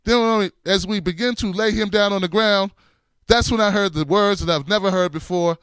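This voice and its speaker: Middle-aged male host, comic storyteller, high smooth voice, dead-dry room. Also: fairly quick, no room sound. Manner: animated, laughs through his story, shifts between loud and hushed. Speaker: show host.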